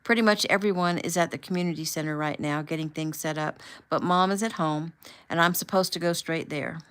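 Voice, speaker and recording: A woman reading the lines of an easygoing, good-humored young man in an audiobook, in a relaxed, mild way. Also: deep voice, fairly quick, clean tone.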